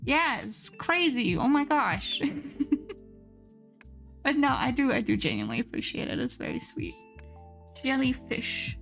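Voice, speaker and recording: A woman's voice: sits high, very animated, unhurried, gravelly, long pauses, a bit bright, soft background music. A woman streamer chatting casually and playfully with her live chat, giggling often and reading messages aloud.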